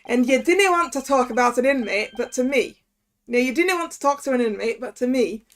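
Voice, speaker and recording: A woman voicing a gruff, hostile male prison governor in a put-on Scottish accent, blustering and threatening. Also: high-pitched, expressive, fairly quick, a little hiss or hum. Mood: gruff, suspicious.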